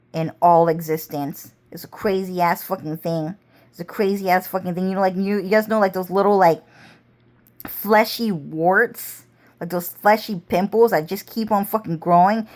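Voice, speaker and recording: A woman talking in a slow, unhurried monologue that wanders from thought to thought. Her speech is laced with swearing and long drawn-out phrases. Her pitch sits in a middle range. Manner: rambling, heavy profanity, drawn-out. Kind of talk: rambling casual monologue.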